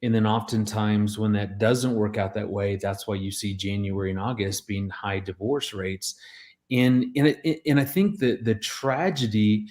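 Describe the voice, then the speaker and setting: A man in his forties, a marriage expert and radio guest, telling stories earnestly and with energy, often restarting his sentences. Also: on the low side. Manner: earnest, animated storyteller with many restarts. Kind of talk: radio interview storytelling.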